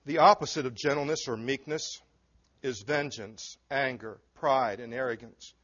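In a church, a man preaches to the congregation, earnest and emphatic, throwing in asides to his listeners. His voice is medium in pitch, moderately paced and a bit bright, and the recording is dull and lo-fi.

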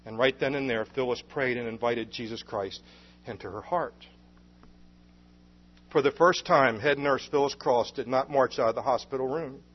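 Earnest male preacher, husky voice, lo-fi sermon recording. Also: mid-range voice, moderate pace. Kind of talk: sermon storytelling.

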